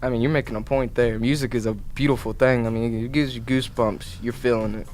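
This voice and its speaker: A young man in a casual chat, talking in halting, emphatic bursts with many restarts. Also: medium pitch, fairly even intonation, darkish tone, a little hiss or hum. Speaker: co-host.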